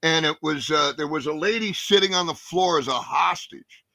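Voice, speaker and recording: A man in his sixties, a guest actor telling animated, profane stories in a casual interview. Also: fairly high pitch, moderate pace, creaky, no echo. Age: 60s. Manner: animated, profane, acts out scenes.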